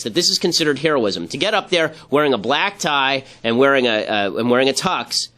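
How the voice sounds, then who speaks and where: A man hosting political commentary, talking with sarcasm and quick mocking asides. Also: medium pitch, fairly bright tone. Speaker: commentary host.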